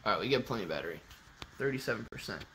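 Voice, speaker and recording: A livestream host with a fairly low, animated voice talks very fast in a fairly bright tone, with a little hiss or hum in the audio. Using his phone as a webcam, he jokes loosely and responds to viewers' comments by name.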